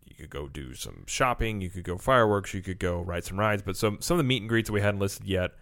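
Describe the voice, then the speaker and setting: A man's voice: deep voice, expressive, quick pace, creaky, a bit bright, no room sound, clean studio sound. A man co-hosting a casual chat full of theme park tips, rambling with fillers. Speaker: co-host.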